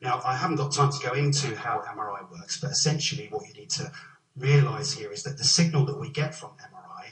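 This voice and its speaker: A middle-aged man at a lecture podium, his voice carrying through a reverberant hall and picked up from some distance away. He tells his life story with wry, self-mocking humour, at an even middle pitch. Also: quick pace. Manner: self-deprecating anecdotes with gentle humour. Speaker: professor giving a lecture. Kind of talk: formal lecture to an audience. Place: lecture theatre.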